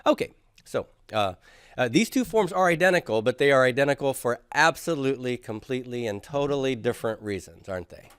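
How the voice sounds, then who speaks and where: A man's voice: mid-range voice, lively intonation, a little fast, fairly bright tone, clean tone, no echo, studio quality. A man teaching a classroom grammar lecture, patiently drilling students through forms and asking them to repeat after him. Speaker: Greek teacher.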